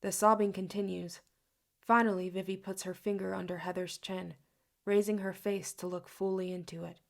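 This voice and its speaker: Woman audiobook reader, first-person narrator, mid pitch, some vocal fry. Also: level tone, moderate pace.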